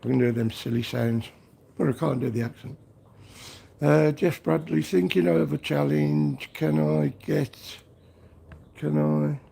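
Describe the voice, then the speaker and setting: Hosting a livestream from his garage workshop, a Liverpool man reads the chat, cracks jokes and slips into bits of song. His voice sits a little high and gravelly with a dark tone, and he speaks steadily and without hurry.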